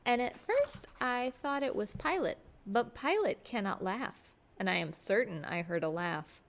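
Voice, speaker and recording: A woman reading aloud as an earnest, sharp-spoken young governess. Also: fairly high pitch, animated, measured pace, vocal fry.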